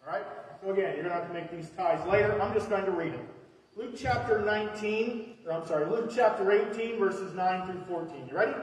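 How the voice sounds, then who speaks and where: A man's voice: high voice, a little fast. A man preaching a sermon in a church before a live congregation, talking in a loose, conversational way with many fillers and restarts. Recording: echoey hall from far off.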